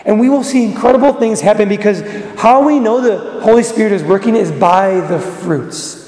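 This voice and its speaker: A man preaching a sermon, urging his listeners on and then dropping to a hush. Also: high voice, normal speed. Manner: earnest, exhortative, with sudden drops to a hush. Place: church. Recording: echoey church with long reverb.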